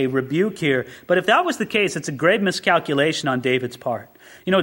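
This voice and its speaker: A male pastor delivering a sermon in a high voice that swings widely in pitch. He leans on rhetorical questions and builds to emphatic peaks. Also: a bit bright. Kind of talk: expository sermon.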